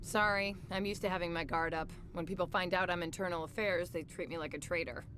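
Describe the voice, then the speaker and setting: A woman's voice: lowish voice, steady tone, fairly quick, noisy background, close to an everyday voice. An actress playing a guarded female internal affairs officer in a video game, speaking in a dry, businesslike way. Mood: brisk. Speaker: police officer.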